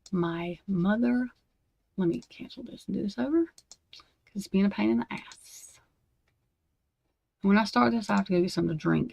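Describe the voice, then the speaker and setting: A woman's voice: medium pitch, creaky, dry recording. A woman, hosting a livestream and ranting to her viewers, profane and fired up. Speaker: true crime livestream host. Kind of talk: angry unscripted rant to viewers.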